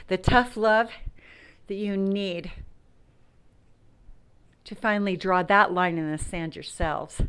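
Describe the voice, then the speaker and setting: A woman speaks to her viewers in a personal, unscripted way, her voice sitting a little low. She is blunt and emphatic, and now and then she sinks into a soft whisper. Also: clear, resonant tone. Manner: frank, emphatic, with whispered asides. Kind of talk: personal talk to camera.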